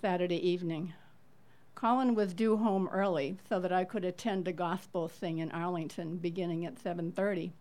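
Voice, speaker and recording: A middle-aged woman reading a personal true story aloud to listeners, measured and earnest, leaning into the tense moments. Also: fairly low pitch, fairly even intonation, a little mellow.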